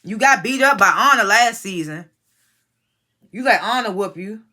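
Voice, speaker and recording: With a mid-range voice at normal speed, this woman sounds animated and bright with a forceful tone. She recaps a reality show casually and with plenty of profanity, addressing the cast she's judging directly and bluntly, opinions on full display.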